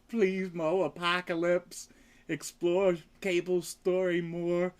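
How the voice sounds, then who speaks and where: A man's voice: high voice, steady tone. A man hosting a casual livestream, talking loosely and coughing between lines. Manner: laid-back, slow and loose, sings meows and theme hums. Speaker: livestream host. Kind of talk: casual rambling livestream chat.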